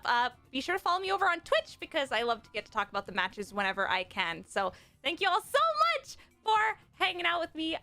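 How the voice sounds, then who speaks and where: A woman playing a competitive video game match and reacting out loud, with squealing cheers and gasps, then thanking her viewers. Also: high-pitched. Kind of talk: live match reactions and outro.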